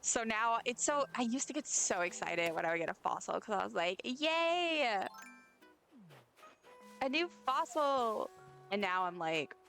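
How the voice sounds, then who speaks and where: A woman's voice: mid-range voice, brisk, gravelly, hardly any pauses, a bit bright, soft background music. A woman streamer chatting casually while playing a game, giggling and talking to the characters on screen. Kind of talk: casual gameplay chat.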